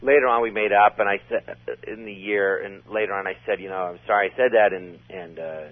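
A man's voice: lowish voice, fairly even intonation, a little fast. A man telling a long story in a casual, rambling way, full of restarts. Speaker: comedian guest. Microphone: phone. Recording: tinny phone line.

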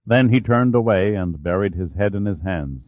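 A man's voice: low voice, lively intonation, normal speed, no room sound. Man narrating a thriller over a tinny line. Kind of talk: scripted audiobook narration. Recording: tinny phone-like sound, dry.

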